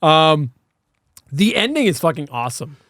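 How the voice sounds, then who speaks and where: A man co-hosts a casual podcast about horror films, speaking in a fairly high voice. He talks animatedly and swears freely. The recording is close and dry. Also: moderate pace, no room sound. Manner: animated, profane, laughs while talking. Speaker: podcast co-host. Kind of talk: casual horror film review chat.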